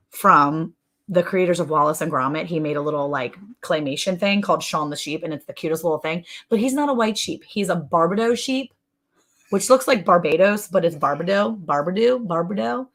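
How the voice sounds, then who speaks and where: A woman's voice: lowish voice, normal speed. A woman co-hosting a casual ranch livestream, telling stories animatedly with frequent laughter. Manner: animated storyteller, laughs often, makes silly sound effects. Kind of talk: casual chat.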